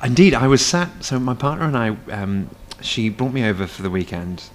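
A man's voice: mid-range voice, normal speed, slight background noise. A man, a stage performer, chatting as a guest in a casual cafe interview, rambling with many fillers and restarts.

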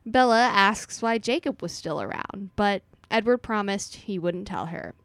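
A woman's voice: medium pitch, fairly bright tone, no echo. A woman co-hosting a podcast, reading chapter summaries and laughing through casual chat. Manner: slow, giggly, reads summaries. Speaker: podcast co-host.

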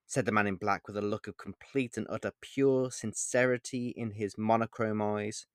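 A man reading his own short story aloud in the first person, in a measured, earnest storytelling manner. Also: lowish voice, steady tone, clear, resonant tone, no echo, studio quality.

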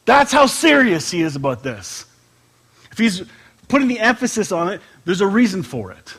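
Animated, husky-voiced man preaching. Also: high-pitched. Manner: conversational, emphatic, playful asides, drawn-out scripture reading. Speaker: pastor. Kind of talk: informal sermon with scripture reading. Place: church sanctuary with a congregation.

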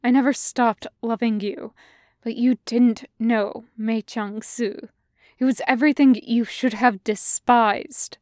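A woman reading the lines of an angry, proud young nobleman in a fan audiobook, sharp and scolding. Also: fairly high pitch, steady tone, takes it slowly, no room sound, studio quality. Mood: bitter.

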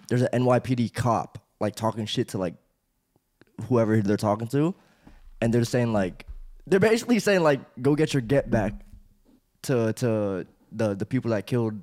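A man from Vietnam telling stories in a relaxed podcast chat. His voice sits at a middle pitch and swings up and down a lot, and he acts out the people he quotes. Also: slight background noise. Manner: rambling storyteller, quotes people in exaggerated voices. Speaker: podcast co-host. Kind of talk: casual chat.

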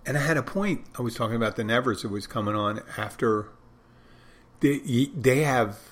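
A man talking in a loose, casual monologue, often breaking off and restarting his sentences as he thinks aloud. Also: mid-range voice. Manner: rambling, self-interrupting, conversational.

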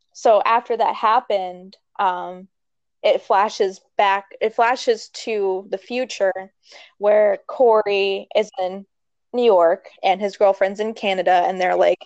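A young woman casually recapping a movie plot, rambling and expressive, with lots of fillers. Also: mid-range voice, no echo, muffled recording. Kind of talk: casual chat.

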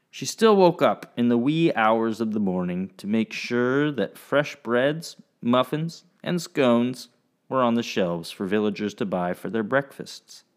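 A man narrating a storybook episode in an expressive, animated storytelling manner. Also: medium pitch.

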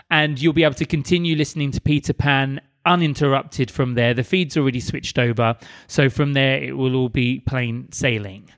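A man co-hosting a casual book club podcast, chatty and quick to laugh. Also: fairly high pitch. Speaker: podcast co-host.

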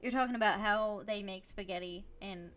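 Woman hosting a chatty podcast, teasing and giggly, normal pitch. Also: normal speed, over a noisy crowd. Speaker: podcast host. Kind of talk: casual chat.

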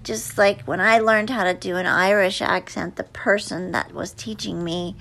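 A woman's voice: medium pitch, steady tone, normal speed, vocal fry, a bit bright. A woman actress answering interview questions in a chatty, hesitant way with many fillers and restarts. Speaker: actress guest.

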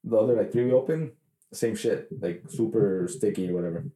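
Dude on a podcast, low voice, swears a lot, rambly stories, sounds echoey. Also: male voice, brisk, mellow. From Mexican heritage. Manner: profane, rambling storyteller full of fillers. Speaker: podcast co-host. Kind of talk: casual chat.

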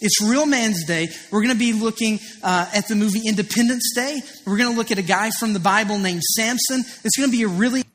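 A man's voice: high-pitched, brisk, hardly any pauses, a bit bright. A man in his thirties preaching a sermon as pastor, earnest and confessional, telling stories with rising emphasis. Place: church auditorium. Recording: preached in a large reverberant hall.

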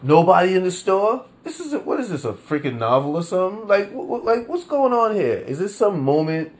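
On his own podcast, a man with a high-pitched, brisk voice delivers a ranting, casual commentary. He's animated, laughs a lot, curses freely and speaks in New York street slang.

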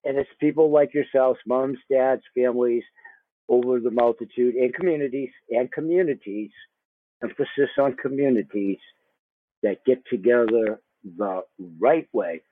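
A man's voice: mid-range voice, unhurried, no room sound. A man hosting a casual conversation, talkative, repeating his words and laughing often. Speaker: podcast host. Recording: tinny phone-line sound.

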